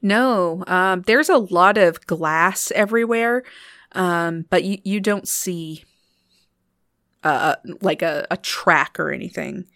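A woman narrating a tabletop game as game master, casual with many fillers and slowing on details. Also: fairly low pitch, a bit bright, no echo, clean studio sound.

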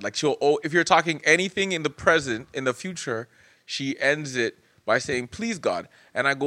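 A man's voice: fairly high pitch, moderate pace. A man hosting a casual comedy podcast, telling stories with frequent laughter. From Canada. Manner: laughs often, animated storytelling. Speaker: podcast host.

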